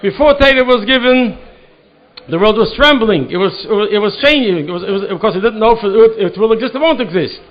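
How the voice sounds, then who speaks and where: Rabbi guy teaching a torah class, high pitched, keeps repeating words, muffled lo-fi sound. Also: animated, brisk. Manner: earnest, repeats words as he searches for them. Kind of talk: Torah study lecture. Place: synagogue study hall.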